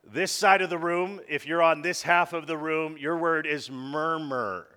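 Man, pastor, preaching sermon, call-and-response, slightly high voice, church congregation. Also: fairly even intonation, a little slow, pushed and bright, smooth.

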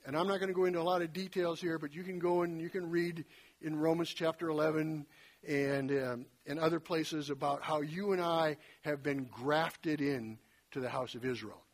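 A man preaching a sermon in a conversational way, retelling scripture with lively folksy asides and a slightly husky voice. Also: a little high, normal speed.

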